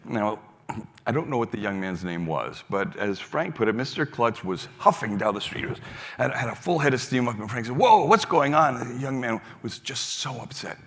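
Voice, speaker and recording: A man's voice: medium pitch, expressive, fairly quick, fairly bright tone. An older man giving a keynote talk on stage, telling a story and acting out its dialogue in different voices, with frequent restarts. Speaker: foundation leader giving a keynote. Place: large hall on stage. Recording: long hall reverb.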